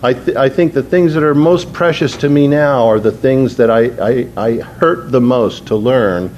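A man's voice: medium pitch, normal speed, a little mellow, dull audio, slight background noise. A man preaching a sermon in an earnest, conversational way, slipping into spoken prayer. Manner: earnest, conversational, prays aloud mid-sermon.

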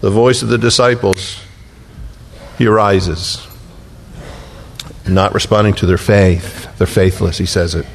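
A man's voice: on the low side, steady tone, unhurried, vocal fry, long pauses, slight background noise. A man preaching a sermon as pastor, telling the story with humor and acting out the voices of the people in it.

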